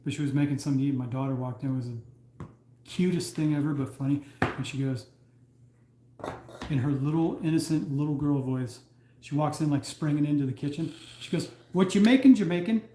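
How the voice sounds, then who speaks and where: A man's voice: medium pitch, steady tone, fairly quick, long pauses, warm tone, a little hiss or hum. Man cracking crude jokes, echoey room. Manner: crude jokes, swearing, laughs at his own lines. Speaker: live-stream co-host. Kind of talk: casual chat. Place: at home.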